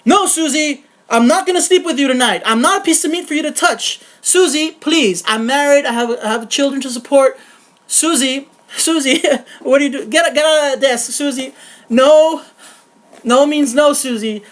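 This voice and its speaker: A woman's voice: high voice, normal speed, voice pushed up, close to an everyday voice. A woman voicing a flustered married office worker who keeps begging his pushy boss to back off. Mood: frantic pleading. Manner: pleading, frantic, repeating the boss's name.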